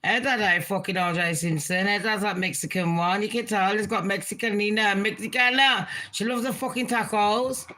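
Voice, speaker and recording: A woman's voice: medium pitch, fairly even intonation, normal speed, few pauses, pushed and bright. A woman chatting casually as a gossip vlogger, blunt and crude, swearing freely and tossing asides to her viewers.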